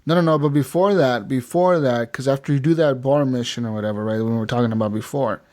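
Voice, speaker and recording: A man casually chatting on a podcast, telling stories with lots of swearing and acting out characters in shouted voices. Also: fast. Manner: animated storytelling, acts out characters with high shouts and swearing. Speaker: podcast co-host. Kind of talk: casual chat.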